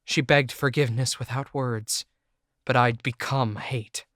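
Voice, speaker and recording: A man's voice: mid-range voice, steady tone, unhurried, fairly bright tone, no echo. A man reading a first-person audiobook in an intense, emotional way, close to the mic. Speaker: audiobook narrator. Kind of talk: scripted first-person narration.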